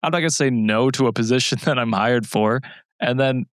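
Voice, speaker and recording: A man's voice: mid-range voice, brisk, clear, resonant tone, no echo. A young man with a mid-range voice, chatting on a podcast in a loose, self-deprecating way and laughing often. The recording is dry and close. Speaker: podcast co-host and editor. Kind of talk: casual chat.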